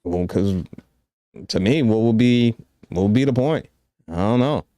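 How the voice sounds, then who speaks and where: A man co-hosting a sports talk podcast, giving his take in a measured way and thinking aloud. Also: on the low side, dark tone, no echo. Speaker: podcast co-host. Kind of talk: casual sports debate.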